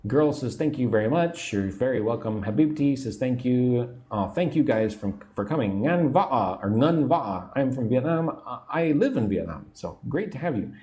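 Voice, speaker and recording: A man teaching English on a livestream, speaking slowly and patiently, repeating phrases and explaining words simply while reading chat comments. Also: mid-range voice, lively intonation, dark tone. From United States.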